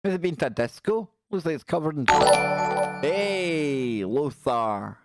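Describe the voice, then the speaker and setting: A man's voice: a little high, animated, unhurried, loud music behind the voice. A man hosting a live stream, chatting casually and joking as he reacts to pictures. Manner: jokey, reacting aloud to pictures with quips. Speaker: livestream host.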